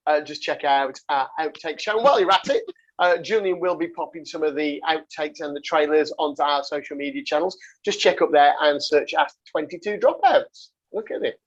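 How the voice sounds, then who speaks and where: A man's voice: on the high side, highs cut off. A man hosting a casual rugby podcast, rambling through stories with laughs and swearing. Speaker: podcast host.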